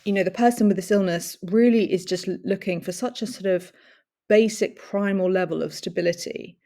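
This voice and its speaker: A woman's voice: medium pitch, fairly quick, warm tone. A woman giving a long personal talk, reflective and searching for words, with many fillers and small laughs. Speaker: speaker sharing personal experience.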